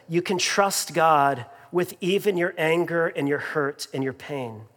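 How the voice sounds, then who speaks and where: A man's voice: a little high, measured pace, a bit bright. A man preaching a sermon as pastor, in a conversational way with fillers and repeated phrases, in a church sanctuary. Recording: long reverb in a large hall.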